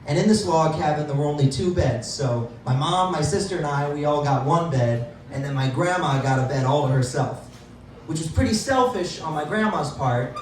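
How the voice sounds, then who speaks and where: A man's voice: a little high, expressive, normal speed, very echoey, distant mic, a little hiss or hum, low-quality recording. A man doing a stand-up comedy set in a club, self-deprecating and laughing at his own jokes.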